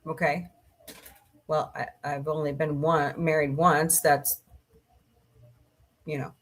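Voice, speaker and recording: A woman's voice: low voice, level tone, slow pace. Chatty goofy woman livestream host. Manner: chatty, goofy, laughs easily. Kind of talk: casual chat reading live comments. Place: home, cats nearby.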